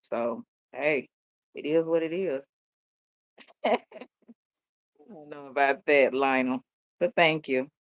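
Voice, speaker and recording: A woman's voice: a bass voice, slow pace, pauses often, dry recording, dull audio. A woman host talking candidly in a rambling casual chat, laughing often. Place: home.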